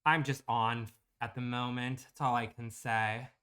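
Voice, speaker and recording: A man's voice: mid-range voice, little pitch movement, measured pace, pushed and bright. A man chatting bluntly and profanely with viewers while streaming a building game. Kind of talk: casual livestream chat.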